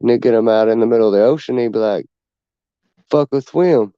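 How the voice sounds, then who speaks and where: A man's voice: fairly low pitch, flat delivery, rapid-fire, dark tone, clean tone, no room sound. A man, chatting casually on a livestream with crude, laid-back humor. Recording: dull dry lo-fi mic.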